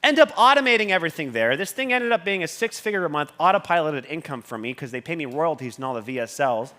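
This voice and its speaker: A man giving a motivational talk on a conference stage. He swears constantly and keeps surging in volume when he gets excited. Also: on the high side. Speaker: conference speaker.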